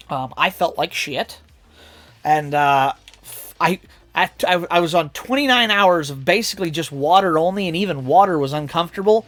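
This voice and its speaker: A man's voice: on the high side, animated, moderate pace, a bit bright, soft background music. A tired man chatting casually on a live stream through a headset, rambling with fillers and restarts. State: tired, yawning.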